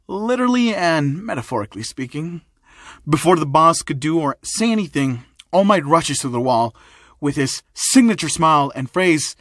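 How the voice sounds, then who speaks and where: A man narrating a fan-made action story with a plain, halting delivery. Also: fairly high pitch, a bit bright, no echo, clean studio sound.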